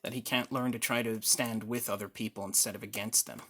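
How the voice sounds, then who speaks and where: A timid, eager-to-please patient, as a man puts him on speaks in a deep, hushed voice, pausing and restarting as he searches for words. His tone is small and placating. It is a homemade one-man reenactment with a faint hiss. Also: fairly even intonation, lightly acted. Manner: hesitant, halting, placating. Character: meek, hesitant male group-therapy patient.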